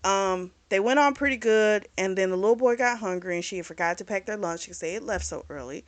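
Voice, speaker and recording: A woman hosting a book club channel, casually retelling a novel's plot with fillers and quick little acted-out lines. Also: mid-range voice. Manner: chatty and informal, retells scenes by briefly acting out the characters' lines; mild swearing, frequent fillers.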